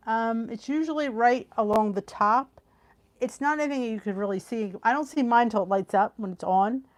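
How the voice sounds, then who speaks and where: A woman's voice: on the high side, moderate pace. A chatty middle-aged woman hosting a live cooking stream from home over a video call. She reads viewer comments aloud, gasps and trails off mid-thought, and sounds tired and yawny from the heat. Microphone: computer on a video call.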